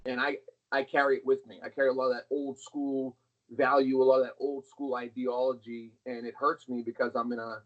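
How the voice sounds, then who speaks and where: A man's voice: mid-range voice, flat delivery, fairly quick. A middle-aged man, a guest on an interview, telling stories casually and bluntly, swearing freely. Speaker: interview guest, arm wrestler. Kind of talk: casual storytelling. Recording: dull lo-fi sound.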